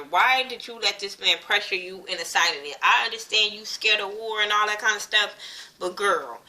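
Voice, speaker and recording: A woman, giving a casual, profane recap of a TV episode and acting out the characters' lines as she goes. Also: medium pitch. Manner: blunt, profane, animated retelling with quoted voices. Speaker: TV show reviewer.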